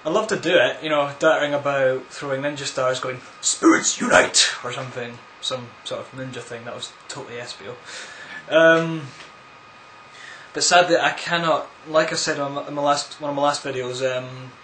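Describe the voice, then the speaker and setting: A man's voice: mid-range voice, fairly even intonation, moderate pace, a bit bright, slight background noise. A man answering viewer questions in a casual, rambling vlog, full of crude, absurd jokes. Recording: echoey room.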